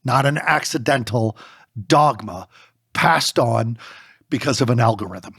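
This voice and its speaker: A man co-authoring a book, talking in an animated way in a podcast discussion and firing off rapid rhetorical questions. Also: medium pitch, breathy edge, no room sound, studio quality. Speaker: co-author and speaker.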